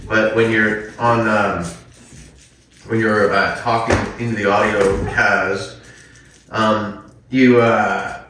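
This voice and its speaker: A Canadian podcast host rambles through crude improvised comedy chat, laughing often and loudly. His voice is fairly low with little pitch movement, and he speaks slowly, pausing often. The recording has a roomy echo, faint noise, and a mic placed a bit far off.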